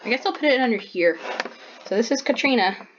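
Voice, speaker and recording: A woman with a somewhat high voice talks casually about her artwork, bubbly and chatty, leaning on easy fillers. The recording is muffled and lo-fi. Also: lively intonation, brisk, a little hiss or hum. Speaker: artist showing her sketchbook. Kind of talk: casual narration while drawing.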